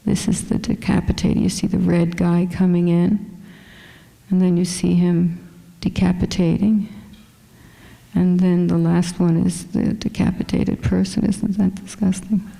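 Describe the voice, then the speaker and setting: Woman, small voice, dark mellow tone, flat low pitch, anecdotal chat. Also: measured pace, creaky, big-room sound, poor audio. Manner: chatty, anecdotal, with many fillers. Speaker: fashion photographer guest. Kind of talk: casual talk presenting her photos. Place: lecture hall at a museum.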